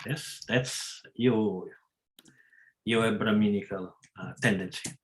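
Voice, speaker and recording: A man giving a scripture class, talking in a halting way with many pauses and self-corrections. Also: on the low side, fairly even intonation, slight background noise. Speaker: class speaker.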